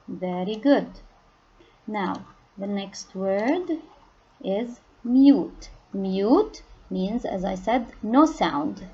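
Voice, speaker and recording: Slow, patient woman teaching phonics. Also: medium pitch, slightly rough, highs cut off. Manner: slow, patient, stresses target words loudly. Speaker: kindergarten English teacher. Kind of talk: phonics lesson for young children.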